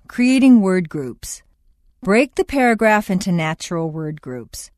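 A woman narrating a scripted audio lesson on speech, as the instructor, with clear and measured delivery. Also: medium pitch, darkish tone, dry recording, studio quality. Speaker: accent training instructor.

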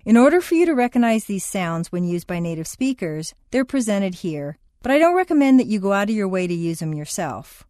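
A woman giving calm, scripted instructions for a language course exercise. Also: mid-range voice, a little fast, hardly any pauses, no echo, studio quality. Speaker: course narrator.

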